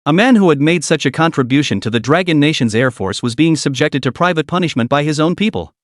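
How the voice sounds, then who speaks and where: A man's voice: on the high side, lively intonation, fast, dry recording, studio quality. A man reading a dramatic story aloud as narrator.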